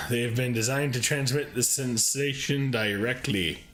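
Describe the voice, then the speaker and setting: A man's voice: mid-range voice, normal speed, fairly bright tone. A man hosting a live game playthrough who reads the on-screen text aloud and breaks in with joking asides to himself. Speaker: streamer, show host.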